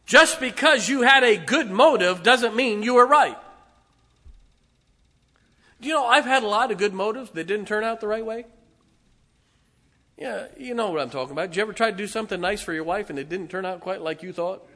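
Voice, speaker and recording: Male preacher with a high, bright voice for an emphatic church sermon that swings between loud and hushed, recorded with long church reverb. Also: brisk, pauses often.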